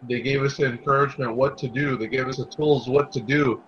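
A man's voice: medium pitch, steady tone, a bit bright, slight background noise. Sleepy man calling in on a dull line. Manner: halting, hesitant, then fervent. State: just woke up. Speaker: caller.

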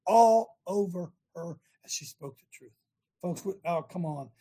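A man's voice: high-pitched, big pitch swings, moderate pace, a little mellow, slightly rough. An older American man hosting a talk show, rallying listeners in a rambling, preachy monologue with many restarts.

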